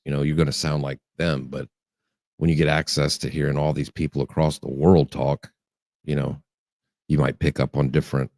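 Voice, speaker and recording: Super deep voice, texas guy with a light drawl, chill storyteller, dry close mic. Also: creaky, warm tone, dry recording. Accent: mild Texas. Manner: easygoing storyteller, laughs often. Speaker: podcast co-host. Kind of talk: casual chat.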